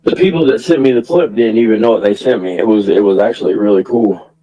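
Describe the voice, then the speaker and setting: A man's voice: on the low side, fast talker, mellow, poor audio. A man ranting casually to his stream audience, rambling through restarts and profanity and laughing often. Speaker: livestream commentator.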